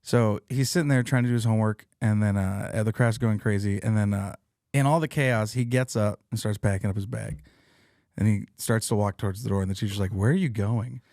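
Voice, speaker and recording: A man's voice: lowish voice, fairly even intonation, a little fast, a little mellow, no room sound, clean studio sound. Swearing, laughing man hosting a podcast. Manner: loose, swearing, laughs a lot. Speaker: podcast host and comedian. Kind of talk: casual chat.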